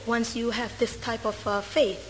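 Woman, English speaker, sermon interpreter, fairly high voice, halting with fillers, reverberant hall. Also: level tone, a little hiss or hum. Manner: hesitant, many uh fillers and self-corrections. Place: church hall. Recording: reverberant hall, faint ambience.

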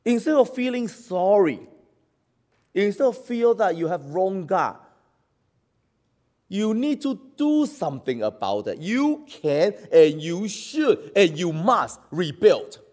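A male pastor delivers an impassioned sermon. His pitch swoops widely as he moves between loud exhortation and hushed, quiet lines, and he paces his words slowly. He repeats key phrases for emphasis. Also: sing-song.

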